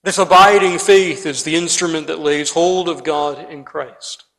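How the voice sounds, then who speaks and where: A man's voice: on the high side, steady tone, a little slow, fairly bright tone, in a large hall, rough recording. A man preaching a sermon, earnest and emphatic, often calling his listeners friend.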